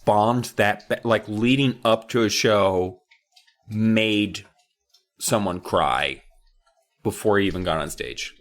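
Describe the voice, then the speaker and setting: A podcast co-host in casual chat, teasing their partner with animated questions. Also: deep voice, takes it slowly.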